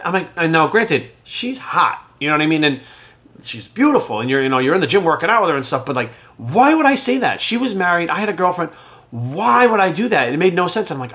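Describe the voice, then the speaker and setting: A middle-aged man telling his own story in a frank, conversational way, swearing casually and getting animated as he recalls events. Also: on the high side, quick pace. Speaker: podcast host telling his recovery story. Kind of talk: candid personal storytelling.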